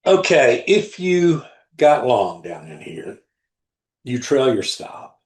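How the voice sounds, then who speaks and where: A man hosting a live trading room, talking through charts in a deliberate, blunt way and often repeating himself. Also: medium pitch, big pitch swings, darkish tone. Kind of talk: live market commentary over charts. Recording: roomy echo.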